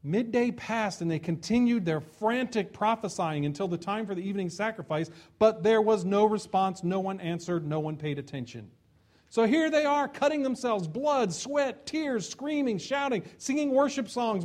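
A man preaching a sermon, retelling a scripture story with lively storytelling and acted-out shouts. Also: high-pitched, normal speed. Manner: lively storytelling, acting out voices and taunts.

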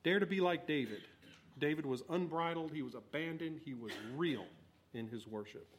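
A man preaching a sermon, swinging between loud exhortation and quiet asides. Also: a little high, moderate pace, slight background noise. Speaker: pastor.

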